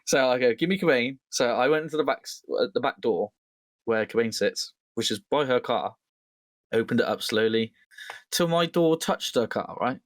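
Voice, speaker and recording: A young man co-hosting a podcast chats casually, telling animated stories, acting out quotes, and swearing a lot. His medium-pitched voice moves at a moderate pace, and the recording is dry with clean studio sound.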